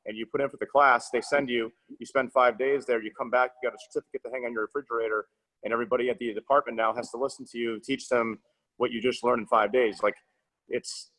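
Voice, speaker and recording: Fast-talking male podcast host. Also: medium pitch, a bit bright, low-quality recording. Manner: rambling, restarts phrases, many fillers. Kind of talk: casual interview chat.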